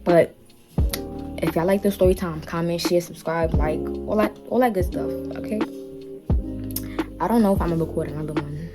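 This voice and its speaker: Young woman vlogger, lowish voice, sassy story-time delivery, faint music behind. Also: normal speed, long pauses. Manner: animated, sassy storytelling with slang.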